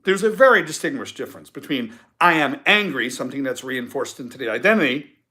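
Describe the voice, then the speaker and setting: A man's voice: medium pitch, very animated, fast talker, pushed and bright. A man hosting a live-stream podcast, giving an emphatic motivational talk and repeating his key points. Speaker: podcast host.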